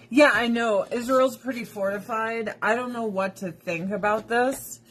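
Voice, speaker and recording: A woman's voice: a little high, takes it slowly. A woman hosting a casual livestream from home, ranting bluntly with plenty of profanity. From United States. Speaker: livestream host. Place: at home with pets.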